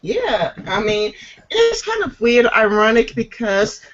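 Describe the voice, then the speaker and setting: A woman co-hosting a casual podcast chat, talking haltingly with many fillers and restarts, sometimes reading news aloud. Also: on the high side, sing-song, fairly bright tone, muffled recording. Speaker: podcast co-host.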